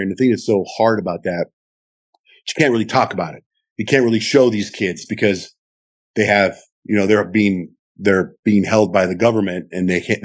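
A middle-aged man, a radio host, telling a long story in an interview and acting out the quotes with big jumps in his voice. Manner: lively, acts out quotes with big pitch jumps.

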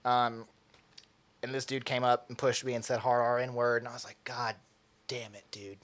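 A man's voice: medium pitch, completely flat delivery, fairly quick, clean tone. A young man from Tennessee, telling a story in casual chat, profane and acting out quotes with laughs.

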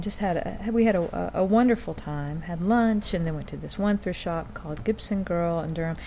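A woman's voice: on the low side, warm tone, a little hiss or hum. A woman in her fifties hosting a podcast, talking in a casual, meandering way full of fillers and restarts. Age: 50s. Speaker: podcast host. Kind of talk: casual rambling monologue.

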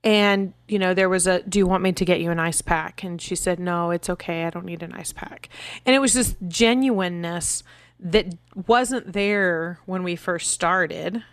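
A woman's voice: lowish voice, normal speed, smooth, dry recording. A woman in her thirties, co-hosting a podcast in casual, earnest parenting talk, telling stories and acting out her children's voices. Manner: earnest, storytelling, acts out her kids' voices. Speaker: podcast co-host.

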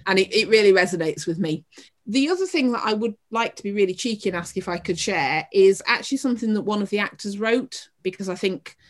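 A woman's voice: mid-range voice, animated, fairly quick. A woman with a Northern English accent speaks as a podcast guest about her theatre work. She talks earnestly and passionately, circling back and restarting phrases as her thoughts run on. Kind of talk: podcast interview answers.

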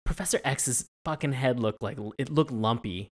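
Podcast co-host, male, middle pitch, loose and profane, animated in casual review chat. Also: moderate pace, husky. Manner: profane, animated, jumps high when mimicking reactions.

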